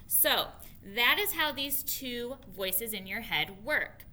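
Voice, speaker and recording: A woman teacher modeling a reading lesson for young children on her own camera, expressive and patient, repeating key points slowly. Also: fairly high pitch.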